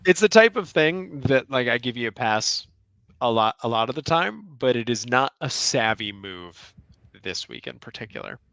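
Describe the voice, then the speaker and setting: A man's voice: mid-range voice, big pitch swings, moderate pace, gravelly, a bit bright, smooth, no room sound. A man co-hosting a sports podcast, reading listener questions with a wry, joking manner. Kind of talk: casual sports podcast chat.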